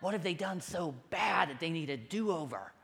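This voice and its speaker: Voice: mid-range voice, lively intonation, moderate pace, vocal fry, fairly bright tone, pitched below the performer's own voice. A preacher quoting a chatty, opinionated dental hygienist. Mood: scornful. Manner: dismissive, rambling.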